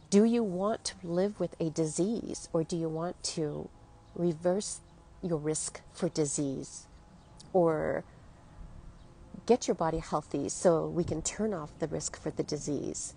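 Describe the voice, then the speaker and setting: A woman's voice: low voice, measured pace, gravelly, warm tone, slightly rough. A woman in her fifties, a health coach, talking earnestly and emotionally straight to her listeners. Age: 50s. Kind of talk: motivational monologue to listeners.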